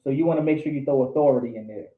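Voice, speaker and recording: A man's voice: mid-range voice, racing. Man teaching a Bible class, tinny echo. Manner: quizzes students, repeats for emphasis. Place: indoor meeting room with a class. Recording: tinny, echoey lo-fi room recording.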